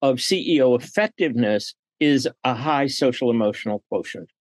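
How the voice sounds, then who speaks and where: A man's voice: mid-range voice, moderate pace, no echo. A middle-aged man talking as a guest on a podcast interview, telling stories and acting out quoted dialogue. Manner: animated storyteller who acts out quoted dialogue. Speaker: guest, business leader and coach.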